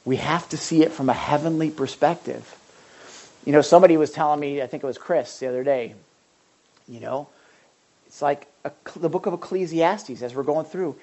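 A woman's voice: low voice, normal speed, dark tone. A woman preaching a conversational sermon, often asking her listeners questions and restarting her sentences. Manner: asks the audience questions, frequent restarts.

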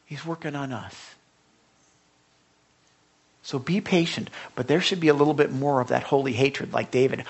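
Impassioned pastor, hushed to fervent. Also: male voice, mid-range voice, animated, creaky, slightly rough. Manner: conversational, swings from hushed asides to impassioned outbursts; halting restarts and repetitions. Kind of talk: sermon.

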